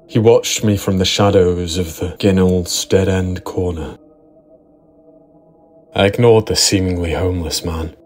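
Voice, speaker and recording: Deep-voiced man narrating horror. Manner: steady, dramatic storytelling. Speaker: narrator and writer.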